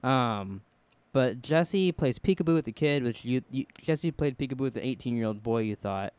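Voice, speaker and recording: Man, podcast host, casual rambling chat, jokey, smooth resonant voice, dry studio sound. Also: medium pitch, lively intonation, moderate pace, a little mellow, no room sound. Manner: rambling, jokey, acts out characters' lines. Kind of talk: casual chat recapping a TV episode. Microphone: studio mic.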